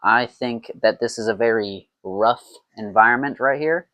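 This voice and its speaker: A man's voice: medium pitch, normal speed, fairly bright tone, slight background noise. A man talking to himself in a playful, rambling way while making mead at home, in a casual brewing vlog. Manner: rambling, playful self-talk.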